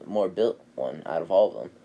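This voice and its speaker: Man doing a drunk old bridge builder, loose chatty talk, deep low voice, mellow. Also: expressive, a little fast, lo-fi sound.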